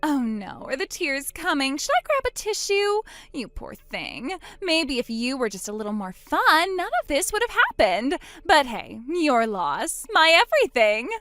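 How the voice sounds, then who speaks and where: A woman's voice: sits high, sing-song, measured pace, few pauses, sharp tone, no echo, full character voice. A woman voicing a smug, gloating younger sister in a dramatized text-message story, mocking her older sister. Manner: mocking, taunting.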